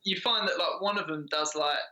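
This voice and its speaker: A man, a band member chatting casually and telling a story quickly. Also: a little high, sharp tone. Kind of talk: casual chat.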